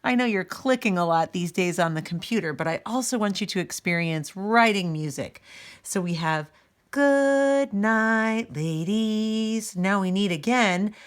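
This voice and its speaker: A woman's voice: fairly low pitch, expressive, normal speed, a bit bright. A woman music teacher giving a recorded lesson, patiently explaining step by step and speaking straight to her students.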